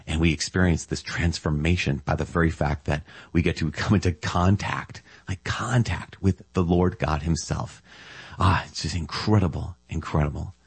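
A man's voice: low-pitched, fairly even intonation, moderate pace, husky, no echo. A man giving a casual, enthusiastic reflection on scripture as a Catholic preacher, often marvelling aloud.

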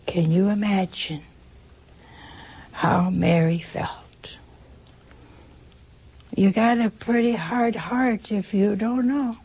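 A woman preaching an emotional sermon, pausing dramatically and dropping at times to a whisper. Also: medium pitch, mellow, breathy edge.

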